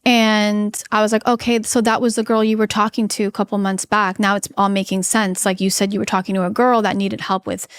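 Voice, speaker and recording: A little fast and with few pauses, a woman in her thirties speaks in a smooth, level, mid-range voice with no room sound. She's a podcast guest telling a personal story with candor and earnestness, acting out what others said and her own quoted lines.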